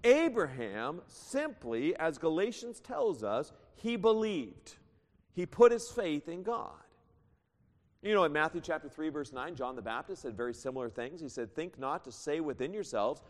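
A man's voice: on the high side, big pitch swings, moderate pace. A man preaching a sermon, reading scripture aloud and explaining it, at times raising his voice. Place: church sanctuary. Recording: long hall reverb.

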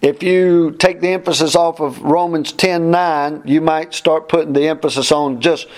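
A man's voice: fairly high pitch, steady tone, normal speed, few pauses. A man teaching a verse-by-verse Bible class, plainspoken and emphatic, often repeating his points.

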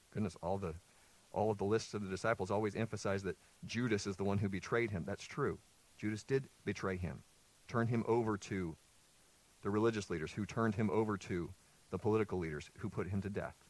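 A man's voice: lowish voice, brisk. A male pastor preaching a sermon. He reads scripture aloud, explains it, and puts questions to the listeners before answering them himself.

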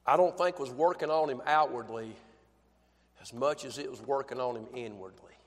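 A male preacher delivering a fervent sermon in a church, dropping to a hush and then building to shouts with repeated phrases. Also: mid-range voice, moderate pace, in a large hall.

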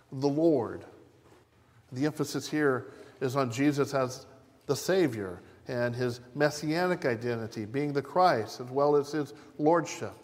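A pastor giving a measured, deliberate sermon, repeating key phrases for emphasis. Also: male voice, on the high side, darkish tone, long reverb tail. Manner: measured, deliberate preaching with repetition.

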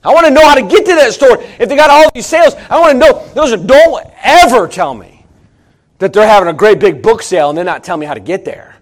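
A middle-aged man preaching a sermon in a conversational, joking way, with sudden loud outbursts. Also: very high-pitched, expressive, quick pace. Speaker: pastor.

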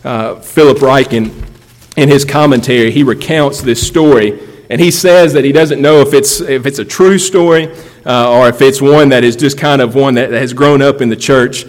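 A man's voice: mid-range voice, moderate pace. A man preaching a sermon as a pastor, emphatic, repeating key phrases for effect. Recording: long hall reverb.

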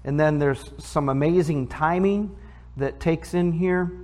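A man's voice: a little high, unhurried, a little mellow. A man, a pastor, reading scripture aloud and explaining it in a conversational sermon, asking the congregation questions. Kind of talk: sermon, Bible teaching.

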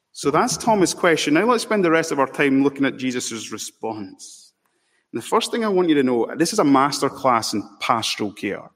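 A man preaching an expository sermon as pastor, emphatic, slowing down to stress key words. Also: mid-range voice. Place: church sanctuary. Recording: long reverb in a large hall.

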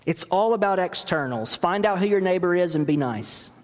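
Man, pastor, sermon, fairly high voice, emphatic, rhetorical questions, long hall reverb. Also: lively intonation, moderate pace.

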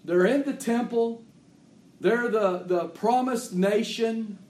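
High-voiced preacher in an echoey church. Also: male voice, slow pace, a little mellow. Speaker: pastor. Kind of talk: sermon.

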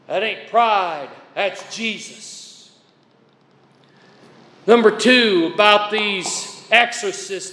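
A man's voice: extremely high pitch, pushed and bright. A man preaching a chapel sermon in a folksy, emphatic way, spelling out words to make his point. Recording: echoey chapel with long reverb.

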